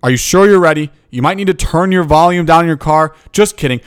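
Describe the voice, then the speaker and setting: A young football coach hosts a motivational podcast, launching into a fired-up, emphatic rant. His voice is fairly high, fast, and smooth, and he keeps checking in with "okay?"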